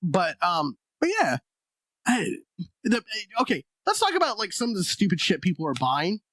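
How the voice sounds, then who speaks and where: A man co-hosting a comedy podcast, talking in a slightly high voice. He rambles, swears freely and laughs at his own jokes. The sound is dry and close to the mic. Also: big pitch swings, normal speed, a bit bright, no room sound. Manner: rambling, profane, laughs often. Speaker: podcast co-host. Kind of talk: casual comedic podcast chat.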